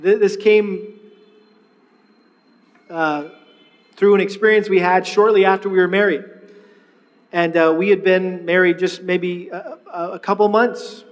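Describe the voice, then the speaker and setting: High-voiced storytelling male pastor. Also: a little slow, long pauses, big-room sound, muffled recording. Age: middle-aged. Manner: storytelling, animated, with many restarts. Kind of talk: sermon.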